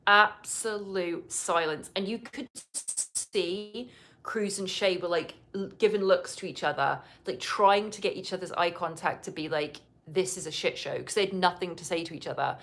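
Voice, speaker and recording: A woman's voice: on the low side, fairly bright tone. A woman hosting a podcast, chatting casually and wryly as she recaps a reality show, now and then mimicking the people in it. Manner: chatty, wry, breaks into quick impressions of people on the show. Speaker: podcast host. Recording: live podcast recording.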